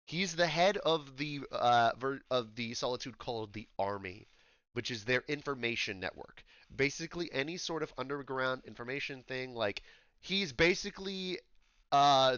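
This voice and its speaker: Animated, bright-voiced game master. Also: male voice, medium pitch, no echo, highs cut off. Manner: loose and rambling, with many fillers. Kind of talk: narrating a tabletop game.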